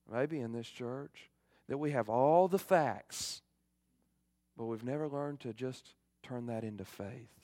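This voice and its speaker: A middle-aged male pastor giving a fervent sermon, swinging from loud emphasis to hushed appeals. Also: medium pitch, no echo.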